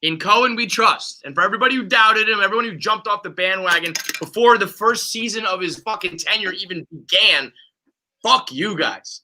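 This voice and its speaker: Fired-up bright-voiced New man. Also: high-pitched, normal speed, low-quality recording. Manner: profane, fired-up fan ranting. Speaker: podcast host. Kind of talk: casual sports podcast chat.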